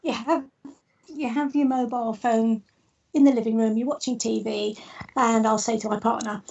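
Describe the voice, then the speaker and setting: A woman's voice: on the high side, steady tone, normal speed, vocal fry, darkish tone, recorded from a distance, lo-fi sound. A woman guest, an artist and theorist, telling chatty anecdotes in a podcast interview, with lots of fillers and restarts.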